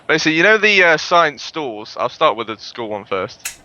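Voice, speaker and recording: A man's voice: a little high, very animated, normal speed, pushed and bright, dull audio. A young man, a podcast co-host telling rambling, sweary anecdotes in casual chat.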